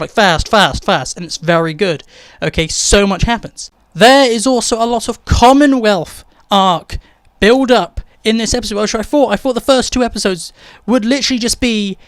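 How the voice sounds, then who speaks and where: An excitable man reviewing a TV episode, rattling along and ending points with "okay?". His voice is high and smooth. It is recorded close and dry, with no room sound. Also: dry recording. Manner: excitable, rapid, keeps tagging "okay?". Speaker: TV show reviewer. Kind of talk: casual spoiler-light TV review.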